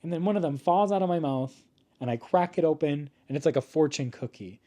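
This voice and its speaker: A young American man talking to his camera at home in a casual vlog, campy and self-mocking, swearing freely with dramatic comic pauses. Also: a little high, warm tone. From United States. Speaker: YouTuber introducing his channel. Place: home, seated at couch or table. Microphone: camera mic.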